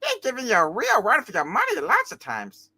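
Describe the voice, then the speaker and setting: A man's voice: very high-pitched, wildly swooping pitch, brisk, pushed and bright, breathy edge, pitched above the performer's own voice, full character voice. A man voicing a cheeky young duck nephew in a live comic reading, teasing in tone.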